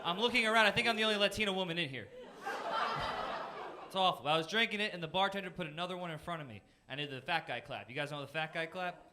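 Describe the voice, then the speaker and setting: A man in his twenties from Florida doing a self-deprecating stand-up set on a comedy club stage, punchy, with quick jumps into silly voices. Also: high-pitched. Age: 20s. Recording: noisy live comedy club with crowd laughter. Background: audience laughter.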